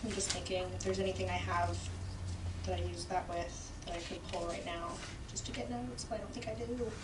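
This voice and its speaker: A woman's voice: fairly low pitch, steady tone, brisk. A woman talking casually with classmates in a comedy writing class, chatty and full of fillers. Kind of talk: casual workshop chat. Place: class room. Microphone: far room mic. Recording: roomy distant room recording with background hiss.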